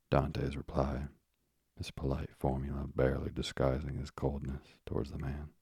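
A man reading a classic novel aloud as narrator, in a measured, even, gravelly voice that often drops to a half-whisper. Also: very deep voice, no room sound, clean studio sound. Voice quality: gravelly, husky.

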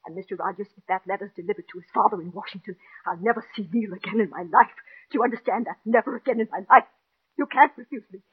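An actress playing a neurotic, jealous middle-aged wife who pleads in an overwrought, breathless way, acted in 1940s radio-drama style. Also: female voice, medium pitch, fast, breathy edge. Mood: desperate. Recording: tinny old radio broadcast.

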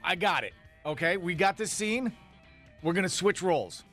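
Morning radio host, male, bright and slightly higher voice, breezy game-show patter. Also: lively intonation, moderate pace, soft background music. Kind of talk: casual on-air banter. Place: radio studio.

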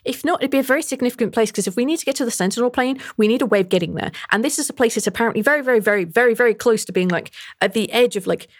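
A woman's voice: on the high side, expressive, very fast, hardly any pauses, close to an everyday voice. A woman game master voicing a female spellcaster character in a tabletop game, talking in rambling runs with many fillers and restarts. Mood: earnest.

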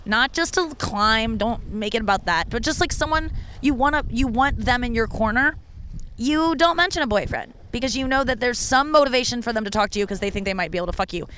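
A woman comedian telling a personal story in casual monologue. She is candid and profane, with lots of "like" fillers. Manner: animated when quoting people, with big pitch jumps. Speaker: stand-up comedian.

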